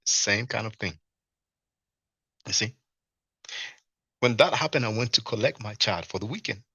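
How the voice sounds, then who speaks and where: This livestream host is a man with a lowish, husky voice talking at a normal speed. He gives an animated, rambling retelling of something that happened to him, stuffed with fillers and false starts. The recording is dry.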